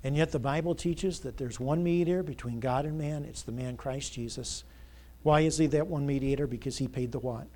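In a church sanctuary, a male pastor preaches a Sunday sermon through the church sound system mic, prompting the congregation to fill in words and building to loud, emphatic passages. His voice is medium-pitched and fairly quick.

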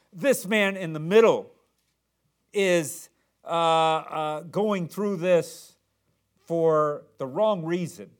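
A man voicing a remorseful condemned male criminal who speaks in an earnest, plain way. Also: fairly high pitch.

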